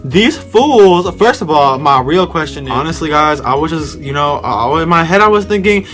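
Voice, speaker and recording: A man's voice: fairly high pitch, lively intonation, normal speed, few pauses, fairly bright tone. A young man with a slightly raised voice rambles through a casual storytime vlog. He talks straight to his viewers in loose slang. Faint music sits under his voice. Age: young adult. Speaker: vlogger telling a story.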